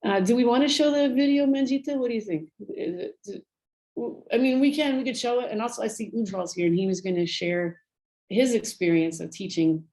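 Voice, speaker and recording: A woman's voice: fairly high pitch, fairly quick, mellow, poor audio. A woman speaking earnestly and a little rambly on a video call, retelling stories about the volunteer work she does. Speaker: volunteer speaker on prison program. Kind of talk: casual talk on a video call.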